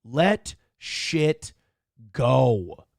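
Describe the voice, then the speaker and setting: A man's voice: medium pitch, big pitch swings, extremely slow, vocal fry, darkish tone, dry recording, clean studio sound. A man hosting a morning show, ranting sarcastically and swearing heavily as he comments on a viral video.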